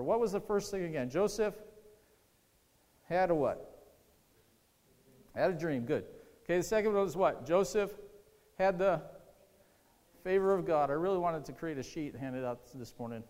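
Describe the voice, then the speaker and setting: A man's voice: high-pitched, lively intonation, normal speed, long pauses, darkish tone. A man preaching a sermon as pastor, talking conversationally, repeating key lines and quizzing the congregation. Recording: long hall reverb.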